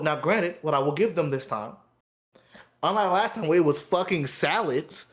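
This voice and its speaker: Man, podcast co-host, animated storyteller, fairly high voice. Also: normal speed. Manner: animated, acts out customers' voices, swears a lot. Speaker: resort cashier telling a work story. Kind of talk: casual storytelling chat.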